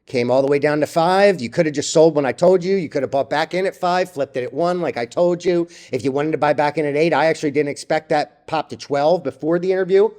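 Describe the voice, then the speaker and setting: A young man ranting bluntly about stock trades, profane and rambling, with a slightly high voice. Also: fast talker, hardly any pauses, darkish tone. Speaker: stock trading vlogger. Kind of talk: casual ranting commentary.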